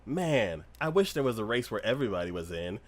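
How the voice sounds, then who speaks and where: A man co-hosting a casual anime review podcast, retelling a show's plot as a lively storyteller who acts out scenes with loud squeals and laughter. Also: lowish voice, rapid-fire. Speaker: podcast co-host. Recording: livestream podcast.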